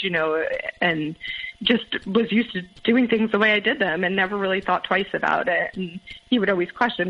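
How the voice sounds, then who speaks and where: A woman in her thirties, a guest recounting her own past in a halting way, with many fillers and restarts. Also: on the low side. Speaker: interview guest. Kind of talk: candid personal storytelling. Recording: muffled phone-line audio.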